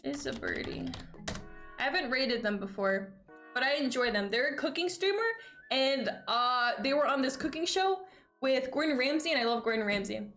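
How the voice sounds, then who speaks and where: A woman's voice: high-pitched, expressive, moderate pace, fairly bright tone. A young woman streaming a video game, chatting playfully and dramatically with her chat and thanking followers. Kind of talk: casual live-stream chat while gaming. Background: faint game music.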